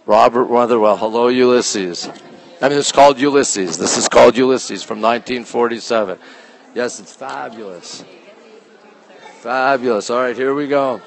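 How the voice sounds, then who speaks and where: A man hosting a casual live stream from a phone as he walks through an art museum, reading out artwork titles slowly and greeting viewers by name, sometimes dropping his voice low. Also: vocal fry, a little hiss or hum. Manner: talks low at times to keep quiet. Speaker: livestream host touring a museum. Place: indoor art museum gallery.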